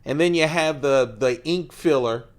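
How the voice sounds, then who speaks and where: A man's voice: fairly high pitch, moderate pace. A man hosting a casual show-and-tell vlog, playful and enthusiastic, chuckling often and drawing words out for emphasis. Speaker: host of an everyday-carry knife channel.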